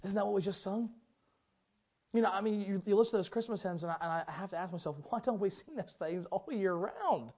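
A man preaching a sermon as pastor, telling stories with big swings in pitch and loudness, then dropping low and quiet to urge his listeners. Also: normal speed. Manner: drops to a low, quiet, earnest tone for exhortation.

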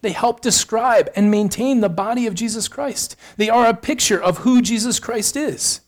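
Earnest male pastor preaching. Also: sits high. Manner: earnest preaching, rising emphasis, quick asides. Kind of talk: sermon.

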